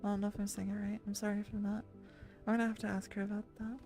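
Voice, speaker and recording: Gravelly-voiced woman rambling to her chat. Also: medium pitch, completely flat delivery, racing, mellow, soft background music. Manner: chatty, rambling, many restarts and laughs. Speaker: streamer. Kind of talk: casual rambling chat with viewers. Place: lying down at home.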